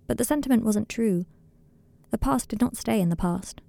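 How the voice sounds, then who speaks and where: Woman, audiobook narration, calm, measured, gravelly texture, mellow. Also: mid-range voice, no echo. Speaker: fan fiction reader.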